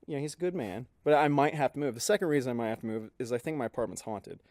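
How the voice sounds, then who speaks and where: A man's voice: medium pitch, racing, darkish tone, dry recording, clean studio sound. A man co-hosting a podcast, telling a story casually and acting out the people he quotes. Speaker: podcast co-host. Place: podcast studio.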